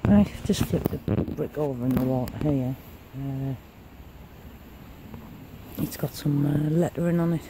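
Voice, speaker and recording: Searching a river bank while mudlarking, a man mutters casual commentary to himself in a higher-pitched, steady voice at a measured pace, with long pauses. A handheld camera mic picks him up along with outdoor noise.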